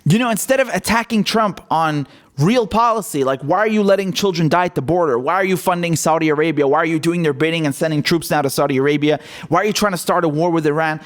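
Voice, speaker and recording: A man with a fairly high voice delivers heated political commentary on his own show. He talks bluntly and sarcastically, throwing in a swear word now and then. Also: fast.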